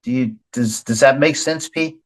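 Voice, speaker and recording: An older man hosts a podcast, speaking in a mid-range voice at a moderate pace over poor audio. The conversation is candid: he's blunt, emotionally open, and swears often.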